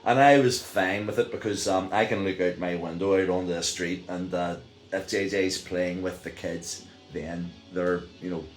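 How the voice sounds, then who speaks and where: Deep-voiced Northern Irish man rambling. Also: steady tone, moderate pace, faint music behind. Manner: rambling, many fillers and restarts, chuckles while telling. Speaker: vlogger. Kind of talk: casual storytelling. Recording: echoey room.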